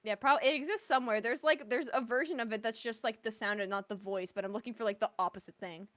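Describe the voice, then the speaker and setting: High-pitched, excitable swearing woman. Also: quick pace. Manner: excitable, swears freely, rambling. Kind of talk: casual gaming chat.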